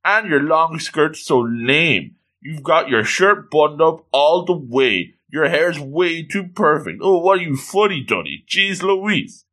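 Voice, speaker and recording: A man's voice: fairly high pitch, lively intonation, measured pace, hardly any pauses, pushed and bright, exaggerated voice. A man voicing mocking teenage band boys in a teasing, sing-song tone.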